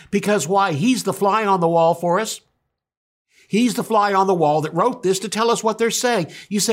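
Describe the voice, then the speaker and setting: A middle-aged man preaching a sermon as pastor, with emphatic delivery that jumps high when he acts out quotes. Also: normal speed. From United States.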